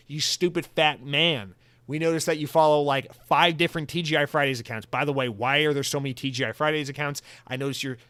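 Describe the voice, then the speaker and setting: A man's voice: mid-range voice, fairly bright tone, clean tone, no room sound. A young adult man hosting a solo podcast, rambling in a jokey, self-mocking way. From United States. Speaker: podcast host.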